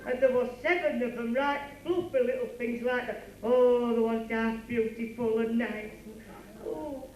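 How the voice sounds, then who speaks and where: A sniveling, stammering grown man in boxing gloves, as a comic acts him out pipes up in a high, whiny voice. The sound comes from a distant mic in an echoey working men's club. A live audience can be heard in the room. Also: fairly even intonation, measured pace, a little mellow. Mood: tearful. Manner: stammering, sobbing complaints. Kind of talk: live club comedy double act. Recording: echoey club recording from far off.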